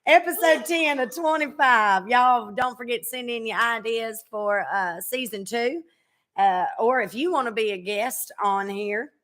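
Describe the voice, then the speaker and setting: Bright-voiced teasing woman podcast host. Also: fairly high pitch. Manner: chatty and teasing, drawling with frequent fillers. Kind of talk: casual chat.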